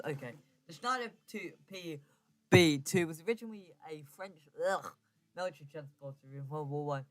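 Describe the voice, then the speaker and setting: A gaming streamer talks through his game in a loose, rambling way. His voice sits a little high for a man. He trips over words and backtracks often as he thinks aloud. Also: moderate pace, a bit bright. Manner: rambling, self-correcting, stammers when flustered. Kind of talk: casual gameplay commentary.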